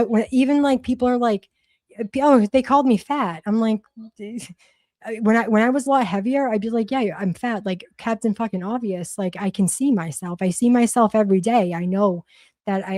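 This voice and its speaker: A woman's voice: mid-range voice, moderate pace, dark tone, dry recording. A woman from Massachusetts with a Boston accent, chatting bluntly and profanely on a livestream, rambling with lots of restarts. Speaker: livestream host. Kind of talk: casual livestream chat.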